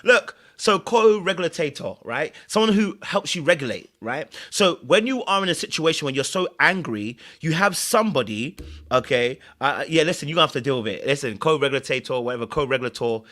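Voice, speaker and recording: A young man, hosting a casual podcast and commenting in an animated, playful way, laughing at himself and repeating words. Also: on the high side, fairly quick. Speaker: podcast host.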